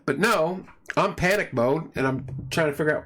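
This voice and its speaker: A man's voice: a little high, normal speed, fairly bright tone. A man hosting a casual home livestream, rambling through stories and greeting viewers by name. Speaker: livestream host. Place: home room at night.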